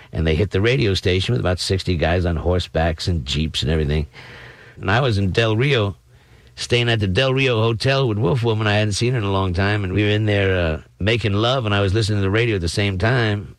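A former radio DJ tells a wild anecdote with animated, boastful energy. His voice is on the low side, and the recording is dry and close. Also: no room sound. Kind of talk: anecdote in interview.

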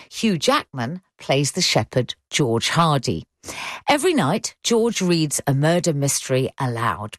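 A woman radio presenter reading scripted links in a crisp, measured way. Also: sits low, no room sound, studio quality.

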